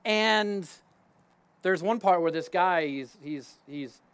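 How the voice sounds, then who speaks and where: Guy explaining bible stuff out in his garden, kinda high voice, chatty, keeps restarting and going "right?". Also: slow, a bit bright, clear, resonant tone, no echo. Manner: conversational, restarts often, asks "right?". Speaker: teacher of a Bible talk. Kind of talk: casual spoken Bible teaching.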